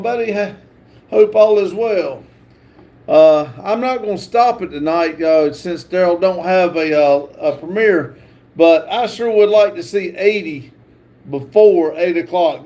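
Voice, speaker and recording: Slow, high-voiced man reading chat. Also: darkish tone. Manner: halting, many filler pauses while reading comments. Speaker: livestream host. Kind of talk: reading viewer chat aloud on a livestream.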